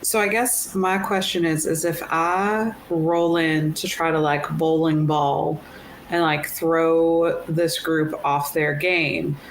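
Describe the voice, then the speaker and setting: Low, gravelly woman at the game table. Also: flat delivery, slow pace, a little hiss or hum. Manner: tentative, thinking aloud. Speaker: player. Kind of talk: casual game-table talk.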